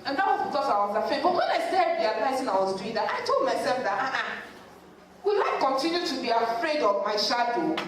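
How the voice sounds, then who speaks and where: A woman, a psychologist telling a story to a church congregation in an animated way. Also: sits high, fast, hardly any pauses, a little hiss or hum. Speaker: psychologist speaking at a church service. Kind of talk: lively talk at a church service. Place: large church hall. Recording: echoey church hall, mic at a distance.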